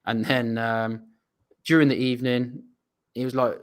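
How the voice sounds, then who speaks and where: A man's voice: medium pitch, steady tone, a little fast. English man telling a rambling story. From England. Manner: rambling anecdotal, self-deprecating. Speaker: guest footballer. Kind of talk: casual storytelling.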